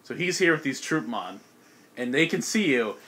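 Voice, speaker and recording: Young man, game master, casual tabletop narration, laughs a lot, mid pitch. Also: very animated, fairly bright tone. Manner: casual, laughs often, quick voice snippets for monsters.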